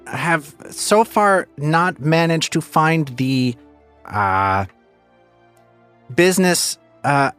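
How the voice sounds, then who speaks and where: A man's voice: fairly high pitch, a bit bright, voice pushed up. A man voicing a polite, earnest kobold baker who speaks formally and hesitantly.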